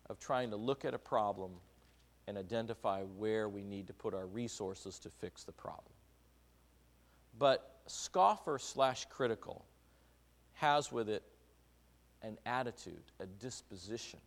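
A man's voice: lowish voice, gravelly. A middle-aged man preaching a sermon, talking conversationally, asking the congregation questions and acting out little quotes. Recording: long hall reverb.

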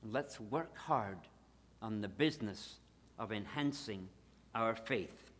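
A man preaching a sermon, emphatic, swinging between loud declarations and hushed asides. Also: fairly low pitch, animated, slow, in a large hall.

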